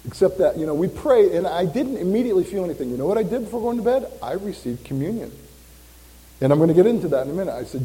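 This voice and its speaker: Guy pastor preaching, bit high voice, jokes and asks the crowd stuff, long echo in a church hall. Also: fast. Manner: animated, jokey, quizzing the congregation. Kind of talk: sermon.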